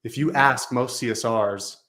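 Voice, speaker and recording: A man's voice: medium pitch, unhurried, fairly bright tone. A man speaking as a guest on a business talk show, telling a story with emphatic repetition. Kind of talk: storytelling in conversation.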